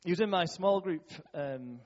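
A man's voice: sits high, expressive, moderate pace. A man and church youth worker telling funny stories in a chatty talk, laughing often between his words. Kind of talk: storytelling talk to a church audience. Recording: dull echoey hall.

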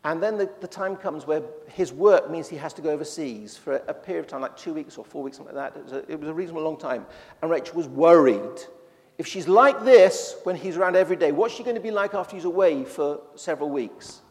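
A man's voice: fairly high pitch, animated, quick pace, darkish tone, long reverb tail. A man preaching a sermon in a church, talking in a conversational way with frequent restarts.

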